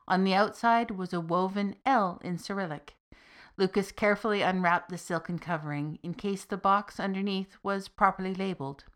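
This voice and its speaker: A woman narrating a fiction podcast in a deliberate, even reading voice with soft, trailing phrase ends. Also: medium pitch.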